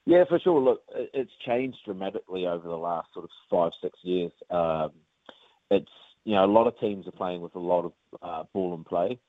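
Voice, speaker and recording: A man with a New Zealand accent, a rugby player chatting casually in an interview, relaxed with lots of fillers. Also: low-pitched, normal speed, no room sound. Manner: relaxed, many fillers, says mate often. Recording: tinny phone line, dry.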